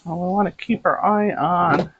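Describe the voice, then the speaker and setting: A woman's voice: fairly low pitch, steady tone, normal speed, highs cut off. A middle-aged woman hosting a cooking video from her home kitchen, chatting in a casual, rambling way as she works. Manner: chatty, rambling, talks to camera while cooking. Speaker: cooking show host. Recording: noisy kitchen with clattering dishes. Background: pots, pans and dishes clattering.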